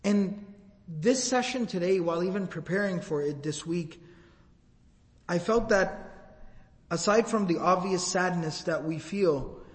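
A man's voice: sits high, a little slow, long pauses. A man giving a religious lecture, telling a story and quoting Arabic texts before translating them. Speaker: Islamic lecturer. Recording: long hall reverb.

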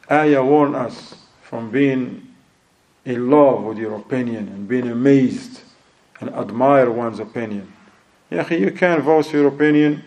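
Man, sermon, acts out quoted voices, Arabic phrases, slightly high-pitched. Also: mellow, low-quality recording. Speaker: preacher.

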